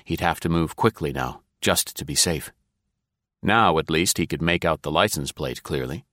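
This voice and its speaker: A male narrator with a very deep, low voice reads a thriller in a steady, measured way. The sound is close and completely dry, like a studio booth. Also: dry recording. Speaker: audiobook narrator. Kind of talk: scripted narration.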